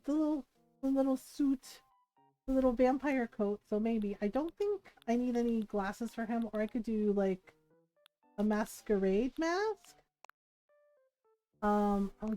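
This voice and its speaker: A woman's voice: on the high side, a little mellow, poor audio. A woman streaming a game, chatting casually, musing aloud and laughing often. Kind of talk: casual livestream chat.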